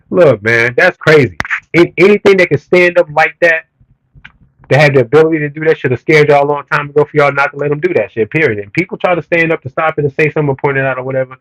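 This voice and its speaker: A man's voice: a little high, fairly quick, fairly bright tone, no room sound, rough recording. A man on a livestream, talking to his chat in a blunt, profane, heated rant that keeps building in emphasis. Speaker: streamer reading comments.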